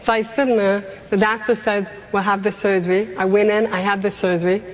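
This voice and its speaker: A woman's voice: medium pitch, little pitch movement, fairly quick, a little hiss or hum. A middle-aged woman giving a motivational talk, telling her life story earnestly with humorous asides. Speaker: motivational speaker.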